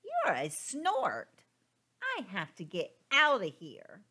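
A woman voicing a tiny lost baby bird in a storybook read-aloud, with a high, squeaky, pleading childlike voice. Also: wildly swooping pitch, takes it slowly, bright, forceful tone, breathy edge, heavily acted.

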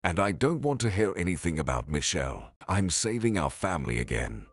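A man's voice: sits low, sing-song, fairly quick, husky, dry recording, heavily acted. A man voicing a cold, controlling rich husband who talks down curtly. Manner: curt, dismissive. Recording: faint music behind.

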